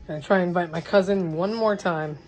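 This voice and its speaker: A woman's voice: fairly low pitch, brisk, rough recording. A woman chatting casually on a home livestream, rambling with exasperated asides.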